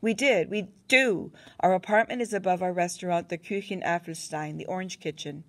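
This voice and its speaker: A woman's voice: lowish voice, normal speed, close to an everyday voice. A woman voicing Alexander, a bitter young German soldier. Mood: defensive. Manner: terse, clipped, restrained anger. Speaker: medical orderly.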